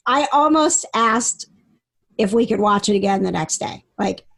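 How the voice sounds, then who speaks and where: A woman's voice: on the high side, animated, moderate pace, creaky, fairly bright tone. A woman co-hosting a casual podcast, chatting and giggling as she tells stories. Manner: chatty, giggly, restarts sentences. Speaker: podcast co-host. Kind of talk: casual chat.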